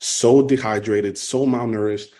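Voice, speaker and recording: A man's voice: on the low side, steady tone, dark tone. Earnest man sharing his recovery story. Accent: New York. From New York. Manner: earnest, halting, repeats himself. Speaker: recovery meeting speaker. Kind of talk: personal testimony talk.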